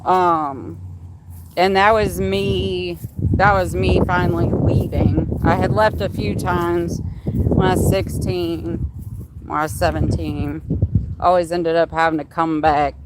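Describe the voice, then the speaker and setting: A woman's voice: lowish voice, fairly even intonation, slow pace, very noisy. A young adult woman hosting a livestream, telling a candid personal story in casual, heavily profane talk. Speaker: livestream host.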